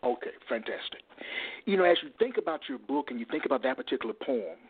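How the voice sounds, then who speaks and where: A man hosts the interview with a husky, slightly breathy voice that swings widely in pitch. He sounds effusive and encouraging. The audio is thin and phone-like. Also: sing-song, fast. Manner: effusive and encouraging, laughs often. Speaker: radio interview host. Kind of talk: casual radio interview. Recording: tinny phone-like line.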